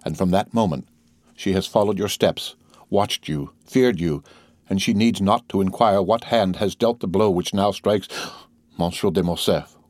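A despairing noblewoman begs for mercy for her son, read by a man in his own low voice. Her words come out pleading and urgent. The audiobook sound is dry and close. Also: moderate pace, darkish tone, no echo. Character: desperate pleading noblewoman, mother, middle-aged. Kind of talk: audiobook character reading.

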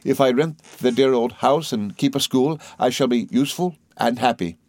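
A man reading aloud as a calm young woman, speaking softly and reassuringly. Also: medium pitch, moderate pace, dry recording, lightly acted. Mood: gentle.

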